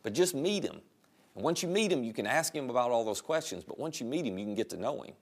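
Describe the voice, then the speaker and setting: A man's voice: medium pitch, lively intonation, quick pace, gravelly. A man voicing an earnest young man in a retold story during a sermon. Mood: reassuring. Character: anxious, eager young man, earnest friend.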